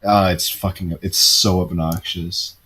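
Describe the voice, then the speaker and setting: A man's voice: low-pitched, breathy edge. A young man from the Netherlands with a Dutch accent, bantering playfully on a voice call with a friend. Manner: playful, quick to laugh, deadpan jabs. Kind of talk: casual voice-chat banter.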